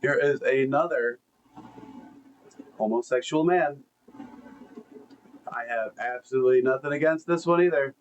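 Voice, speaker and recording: Dude doing reaction commentary, blunt and cussing, mid-pitch voice. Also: male voice, unhurried, pauses often, highs cut off, a little hiss or hum. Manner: blunt, profane, laid-back.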